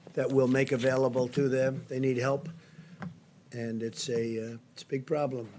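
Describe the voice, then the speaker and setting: In a briefing room, an older man leads a press briefing at the podium mic, his mid-range voice darkish in tone over slight background noise. This political leader repeats himself, speaking emphatically and piling on superlatives.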